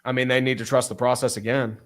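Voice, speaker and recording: A man's voice: medium pitch, flat delivery, quick pace, fairly bright tone. Crude, joking young sports podcast man. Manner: crude, joking, reads out viewer messages. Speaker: podcast co-host reading chat comments. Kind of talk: casual sports chat.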